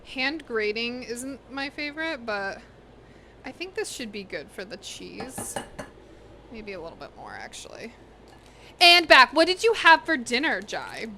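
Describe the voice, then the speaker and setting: Young woman streaming from her kitchen, bright, slightly high voice, chatty, soft hum of the room behind. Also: sing-song, unhurried. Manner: chatty, talks to chat and to her pets. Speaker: cooking streamer. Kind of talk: casual livestream chat while cooking. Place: home kitchen.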